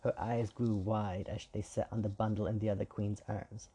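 A man reading a fairy tale aloud in an even, measured way. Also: lowish voice, breathy edge. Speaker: storyteller. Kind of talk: scripted fairy-tale narration.

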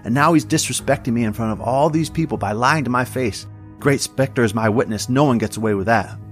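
A man's voice: mid-range voice, soft background music, voice pushed up, natural voice. A man voicing a touchy, menacing hitman. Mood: aggrieved. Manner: threatening, quick to take offense.

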